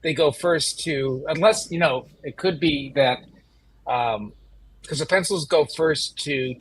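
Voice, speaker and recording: A man with a husky voice joining a relaxed chat about comic art. He adds short remarks and talks through his reasoning in plain, even speech. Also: a little high, slow pace, rough recording. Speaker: co-host of a comics history show.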